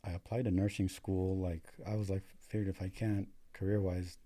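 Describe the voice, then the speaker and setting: A young American man, a paramedic appearing as a guest, tells his story in a low, flat voice at a moderate pace with a dark tone. His talk is casual and profane, packed with fillers like "like," and he says "dude" constantly.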